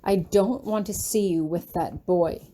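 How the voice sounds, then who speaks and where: Stern, bitter male professor, read by a woman for an audiobook, cold and clipped, warm mellow timbre. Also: lowish voice, measured pace, slight background noise, lightly acted. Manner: cold and clipped, erupting into shouts.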